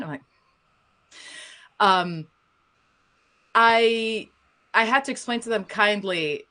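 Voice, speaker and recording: A woman's voice: lowish voice, normal speed, pauses often, pushed and bright. A woman from Slovenia with a Slovenian accent, speaking frankly and emphatically as a voice actor on a panel. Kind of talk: panel discussion.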